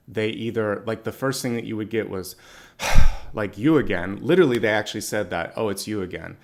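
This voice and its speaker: A man giving channeled spiritual guidance in a conversational, gently encouraging way, often correcting himself mid-sentence. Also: on the low side. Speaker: psychic reader.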